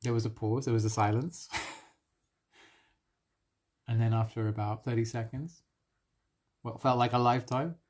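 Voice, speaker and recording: A man's voice: mid-range voice, fairly even intonation, normal speed, long pauses. Earnest man sharing a spiritual story. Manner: earnest and emotional, laughs softly between phrases. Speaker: spiritual coach. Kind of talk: live-streamed personal storytelling.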